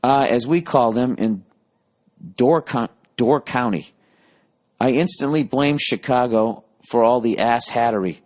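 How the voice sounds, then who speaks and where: A man's voice: medium pitch, unhurried, darkish tone. A man in his late forties hosting a podcast, rambling through a profane, self-mocking comedic rant. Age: 40s. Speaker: podcast host.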